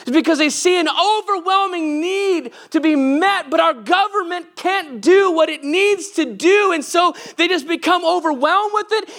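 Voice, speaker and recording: A man's voice: very high voice, a bit bright. A male pastor giving a sermon, earnest and conversational, often putting direct questions to the congregation.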